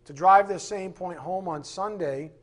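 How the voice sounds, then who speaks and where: A man leads a Bible class in a loose, conversational way. His voice sits a little high for a man, and he jokes and slips into playful voices while he teaches. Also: measured pace. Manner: animated, joking, acts out voices.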